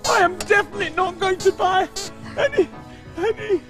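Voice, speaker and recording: A man's voice: very high-pitched, normal speed, music in the background. A man hosting a comic children's puppet show, fussing and exasperated as he keeps giving in.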